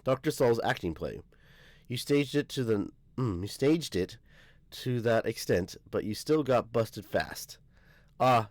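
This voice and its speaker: A man's voice: on the low side, dry recording. A man casually reading a comic aloud and reacting, often stumbling and correcting himself. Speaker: manga reaction youtuber.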